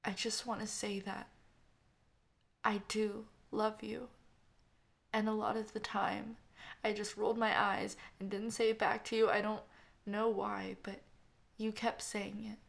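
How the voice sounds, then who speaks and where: A woman narrator voicing a grieving young woman who gives a halting, tearful eulogy for her brother. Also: mid-range voice, steady tone, vocal fry.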